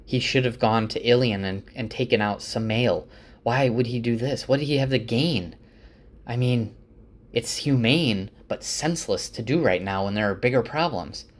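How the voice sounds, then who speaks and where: A man's voice: mid-range voice, moderate pace, natural voice. A man voicing a worried, calculating woman in a slightly raised voice, full of anxious questions.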